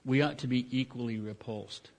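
A middle-aged pastor preaching in a loose, conversational way. He restarts phrases and drops in asides, in a middle-pitched man's voice. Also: steady tone, moderate pace, darkish tone. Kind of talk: sermon.

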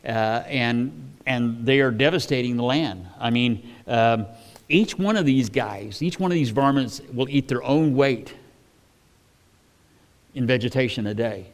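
A man's voice: mid-range voice, unhurried. A man preaching a sermon in a folksy, conversational way, often restarting with fillers.

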